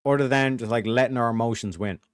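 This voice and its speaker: Profane guy ranting on his show, mid pitch voice, real dry close sound. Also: quick pace, clean tone, no echo. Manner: profane, blunt and animated. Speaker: show host. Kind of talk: casual commentary rant.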